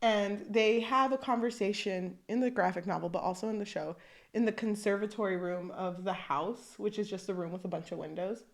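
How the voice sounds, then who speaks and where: A woman's voice: mid-range voice, fairly quick. A young woman co-hosting a podcast, chatting casually and animatedly, swearing freely and acting out characters' lines. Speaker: podcast co-host. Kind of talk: casual chat.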